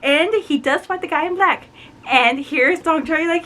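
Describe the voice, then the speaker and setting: A woman chatting through a book review, animated and full of "like" and "you know". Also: sits high, a little slow, low-quality recording. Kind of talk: casual book review vlog.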